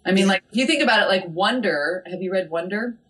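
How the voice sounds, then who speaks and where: A woman literary agent talking casually in an interview, animated and chatty, with lots of "like" and "I mean" fillers. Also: mid-range voice, fast, a little hiss or hum.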